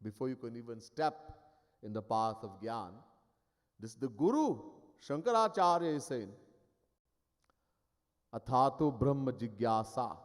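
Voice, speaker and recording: A male spiritual teacher preaches at a mid pitch, emphatic and wry as he tells stories. His voice rings with a long reverb through an ashram hall. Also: expressive, moderate pace. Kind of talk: sermon.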